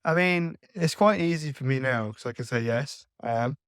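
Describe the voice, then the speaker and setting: A man giving thoughtful, conversational answers as a podcast guest, pausing to find his words. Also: mid-range voice, no echo, clean studio sound. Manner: thoughtful, with frequent fillers and restarts.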